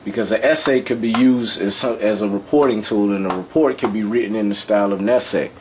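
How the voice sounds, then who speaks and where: Speaking fast in a lowish, slightly mellow voice, a man gives an informal, explanatory lesson. He's loose and repetitive, checking in often with the listener, over a little hiss or hum.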